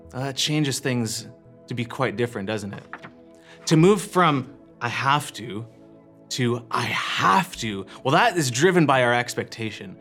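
A man preaching a sermon as a church pastor, earnest, shifting his emphasis and letting phrases fall quiet at the end. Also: medium pitch. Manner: earnest, varies emphasis and pace, drops to quiet endings.

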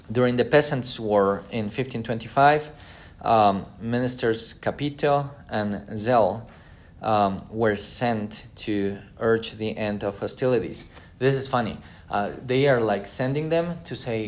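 A man's voice: fairly low pitch, measured pace. A man giving a history lecture: he reads an old letter aloud, then retells the story casually with acted-out quotes.

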